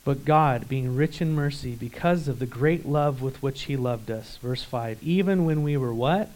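A male pastor preaching a sermon, emphatic, swinging between loud urgency and quiet intensity, and putting rhetorical questions to the congregation. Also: mid-range voice, normal speed, poor audio.

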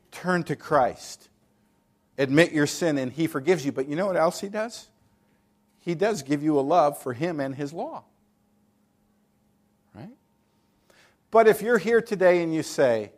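A man's voice: fairly high pitch, very animated, measured pace, long pauses. A man preaching a sermon, emphatic, asking the congregation rhetorical questions and mocking attitudes in quoted voices.

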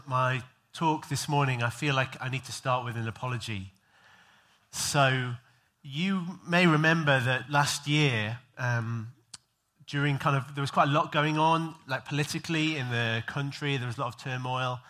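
Bright-voiced, joking male preacher. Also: medium pitch. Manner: self-deprecating, joking, loose with fillers. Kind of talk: sermon, conversational. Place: church, before a congregation.

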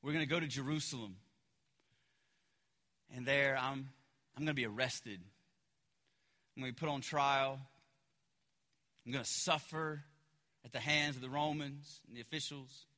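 A man voicing a calm male teacher who speaks in a hushed, grave way. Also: medium pitch, moderate pace, long pauses, in a large hall, pitched below the performer's own voice, close to an everyday voice. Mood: solemn. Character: calm male teacher foretelling his fate.

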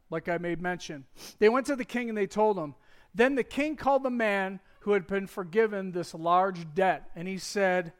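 A man giving a conversational sermon as pastor, retelling a Bible story in a casual, joking, animated way. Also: high-pitched, smooth.

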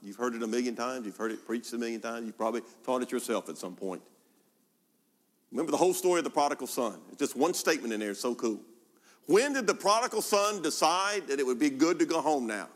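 A man's voice: mid-range voice, expressive, quick pace. A male pastor preaching a sermon, asking rhetorical questions and repeating words for emphasis. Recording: long hall reverb.

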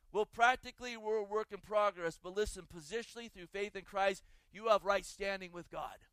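A man's voice: high voice, brisk, few pauses, fairly bright tone, clear, resonant tone, dry recording. A man preaching a sermon and reading scripture aloud, asking the congregation rhetorical questions as he goes. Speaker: pastor.

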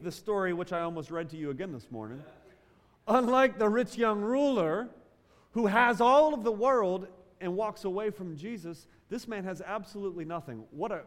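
High-voiced man preaching in a hall. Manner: preaching with swings from loud emphasis to quiet, drawn-out phrases. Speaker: pastor. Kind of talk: sermon. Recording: long hall reverb.

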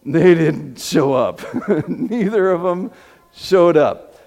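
Gravelly yet a little mellow, this pastor's slightly high voice is animated as he takes his sermon slowly. His storytelling keeps circling back through fillers and restarts, echoing with long hall reverb.

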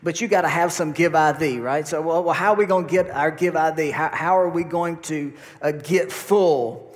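A man's voice: a little high, normal speed. A male pastor preaching a sermon to his congregation, asking the listeners questions. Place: church sanctuary. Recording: long hall reverb.

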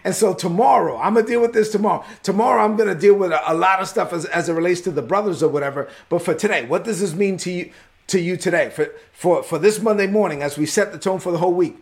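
A man preaching a sermon, telling a Bible story with animated storytelling that rises in pitch and volume at its peaks. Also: quick pace. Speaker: pastor.

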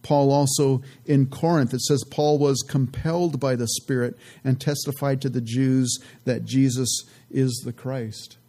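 Mellow-voiced man teaching scripture. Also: mid-range voice. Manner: earnest, relaxed, many "you know" asides; reads scripture aloud slowly and deliberately. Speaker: Bible teacher. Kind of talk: conversational Bible teaching.

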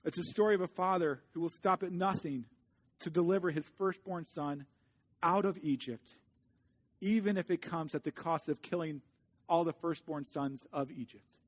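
A male pastor delivers a sermon in a notably high-pitched voice. He speaks earnestly and slows his pace when reading scripture.

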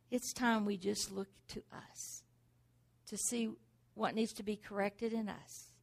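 A woman's voice: mid-range voice, fairly even intonation, measured pace, vocal fry. A middle-aged woman preaching a sermon, driving points home with rhetorical questions and repeated exhortations.

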